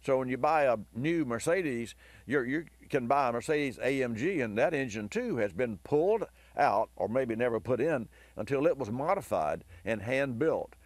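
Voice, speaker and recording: Hoarse male talk-radio host, rambling enthusiastic storyteller, mid-pitched, dry close mic. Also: lively intonation, moderate pace, no room sound. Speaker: host of a car advice radio show.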